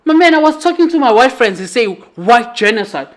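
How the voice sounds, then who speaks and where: A woman's voice: high-pitched, expressive, quick pace. A South African woman with a South African accent, giving a heated, profane podcast monologue full of rhetorical questions and emphatic repetition. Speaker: podcast host.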